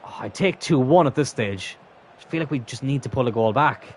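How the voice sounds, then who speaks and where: A young man commentating his own gameplay live, swearing constantly and swinging from exasperated outbursts to low muttering. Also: brisk, a little hiss or hum. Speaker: gaming channel host.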